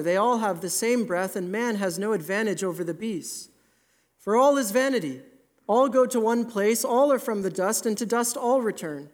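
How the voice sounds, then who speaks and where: A man preaching a sermon in an earnest, emphatic way, slowing down to stress key words. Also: high-pitched, darkish tone.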